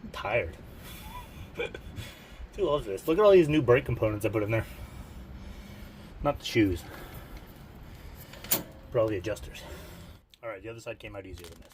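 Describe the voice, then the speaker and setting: A man's voice: fairly low pitch, lively intonation, fairly quick, pauses often, a little mellow, a little hiss or hum. A man chatting self-mockingly while working on his vehicle, out of breath from the effort, recorded on a camera mic outdoors. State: out of breath from work. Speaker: home mechanic vlogger. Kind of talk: casual workshop commentary. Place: outdoor driveway garage.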